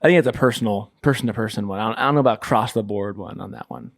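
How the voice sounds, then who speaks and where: A man's voice: fairly low pitch, racing, no echo, studio quality. A young man co-hosting a casual podcast, talking with lots of fillers and laughing through his stories. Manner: filler-heavy, laughs while telling stories. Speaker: podcast co-host. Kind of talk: casual chat.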